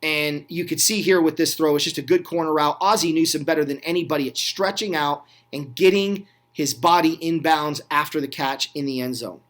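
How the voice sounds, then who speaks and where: High-voiced man narrating football clips. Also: brisk, hardly any pauses. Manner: excited, chatty, asks the viewer questions, with small slips and self-corrections. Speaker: host of a retro football review channel. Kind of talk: casual play-by-play voice-over on game clips.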